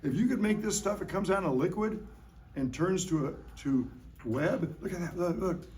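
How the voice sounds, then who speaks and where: In an elementary school classroom, a middle-aged science educator runs a hands-on demonstration for young children, playful and jokey, coaxing them along with questions. His voice sits high and a little mellow at a normal speed, with a little hiss or hum on the recording.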